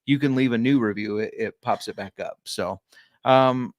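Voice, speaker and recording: A man co-hosting a podcast, chatting casually about fantasy football and bets, easygoing and quick to laugh. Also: medium pitch, no echo. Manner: relaxed, chatty, laughs easily. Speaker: podcast co-host. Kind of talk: casual sports betting chat.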